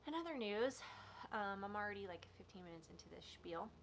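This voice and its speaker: A woman's voice: medium pitch, animated, brisk, slight background noise. A young adult woman talking candidly and a bit rambling in a casual vlog. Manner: candid, meandering, soft at times. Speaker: vlogger. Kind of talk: casual confessional vlog chat.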